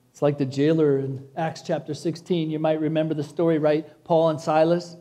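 A man from Chicago preaching a sermon to his congregation, dropping to soft, hushed passages and rising to loud, exclaiming peaks. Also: fairly high pitch, flat delivery, fairly quick, few pauses. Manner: preacherly, addresses congregation as church. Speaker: pastor.

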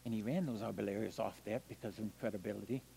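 An older man, a missionary evangelist, telling stories in a sermon. He swings animatedly between loud bursts and hushed, quiet stretches. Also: on the low side, fairly even intonation, fast talker, vocal fry, a little hiss or hum. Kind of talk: storytelling sermon. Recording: long hall reverb.

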